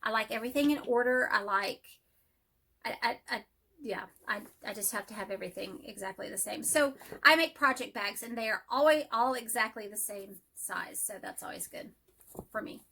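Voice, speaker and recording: A woman chatting excitedly about her cross-stitch projects in a casual home vlog, speeding up when enthusiastic. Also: on the high side, moderate pace, vocal fry, a little hiss or hum. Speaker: cross-stitch vlogger and teacher. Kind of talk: casual show-and-tell vlog.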